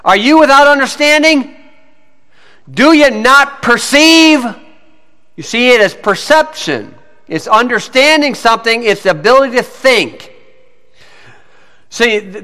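A man giving a folksy teaching sermon who tells stories, keeps saying "you see" and drops to a low mutter during anecdotes. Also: sharp tone. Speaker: preacher teaching on scripture and law. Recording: hall with long reverb.

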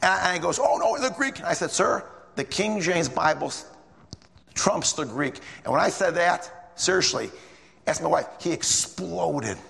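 Gravelly man preaching in an echoey hall. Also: on the high side, unhurried, a bit bright. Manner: conversational storytelling with repeated phrases. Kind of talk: sermon.

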